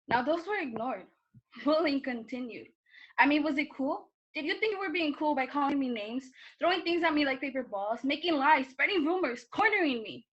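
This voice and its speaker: A woman's voice: sits high, normal speed, lo-fi sound. A young woman performing an earnest, impassioned monologue over a video call, with pointed questions to her listeners. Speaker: student performer. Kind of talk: spoken-word monologue.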